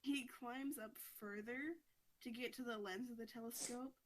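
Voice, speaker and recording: A woman's voice: fairly high pitch, fairly even intonation, moderate pace, slight background noise, poor audio. A woman podcast host casually recapping a comic story, chatty and full of "like". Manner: chatty, fillers of "like", frequent laughter.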